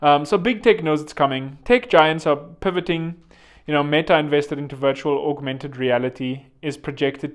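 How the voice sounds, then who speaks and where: A male podcast host whose voice sits a little higher than most men's. He rambles through a casual monologue, chatty and loose, dropping joking asides as he goes. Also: normal speed, hardly any pauses.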